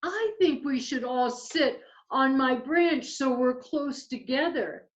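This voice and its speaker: A woman voicing Sarah, the eldest of three little owl chicks, in a high, earnest voice. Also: animated, slow, dull audio. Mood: hopeful. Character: eldest little owl girl, sensible and hopeful.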